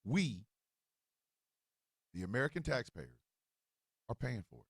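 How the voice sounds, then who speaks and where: A male show host with a mix of New Jersey and Missouri accents who gives a loud, profane political rant, with bursts of shouting. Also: mid-range voice, very animated, a little slow, vocal fry, breathy edge, no echo, studio quality.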